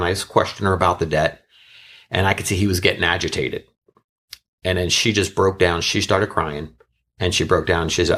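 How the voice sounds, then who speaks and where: A man's voice: low-pitched, fairly even intonation, moderate pace, fairly bright tone. A man, a bankruptcy lawyer, telling an earnest story from his practice in a casual panel chat. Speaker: bankruptcy attorney on a podcast panel.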